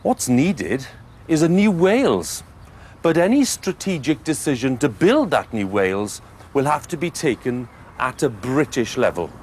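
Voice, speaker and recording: A man's voice: medium pitch, big pitch swings, unhurried, darkish tone, slightly rough. A man presenting a documentary on location, conversational and curious.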